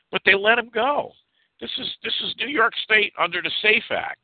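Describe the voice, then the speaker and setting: A man spins a story with a lively, swinging voice and keeps tripping over repeated words. His voice is mid-pitched and comes through a dry, tinny phone line with no room sound. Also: moderate pace, no room sound. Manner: animated, repeats words while acting out the people in his story. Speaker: storyteller on a talk show. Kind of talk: casual storytelling.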